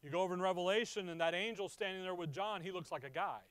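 A male preacher teaching from the Bible in a high, ringing voice that turns loud and then drops low. He keeps putting questions to the listeners. The sound is close and dry, with no room echo. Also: fast, smooth. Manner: conversational, asks the listeners questions; emphatic, swings from loud to quiet.

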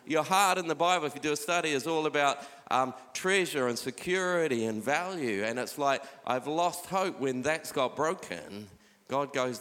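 A man's voice: fairly high pitch, animated, normal speed, a bit bright. A man, a pastor giving a conversational sermon with scripture readings, recorded live in a church hall. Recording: live hall with long reverb.

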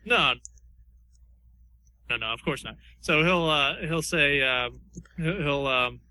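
A man's voice: a little high, slow pace, bright, forceful tone, dry recording, poor audio. A man co-hosting a podcast, hesitantly describing an imagined fight and repeating words as he thinks. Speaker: podcast co-host. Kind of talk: casual chat narrating a fight scenario.

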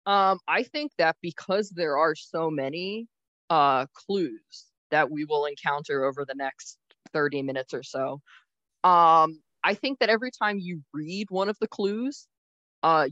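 A woman's voice: sits low, measured pace, a bit bright, no room sound. A woman co-hosting a podcast, making wry, joking asides in casual chat. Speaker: podcast co-host. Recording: slightly dull lo-fi sound.

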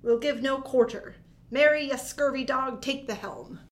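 High-voiced woman hamming up pirate talk. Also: a little slow. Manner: hammy pirate slang and growls. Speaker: library podcast host. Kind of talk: playful podcast intro in mock pirate talk.

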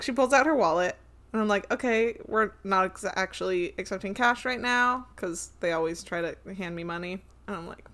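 Young woman chatting, laughs a lot, retells customers, pretty ordinary pitch. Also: fairly bright tone. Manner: giggly storyteller, laughs often, acts out customers. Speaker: store clerk. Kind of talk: casual chat.

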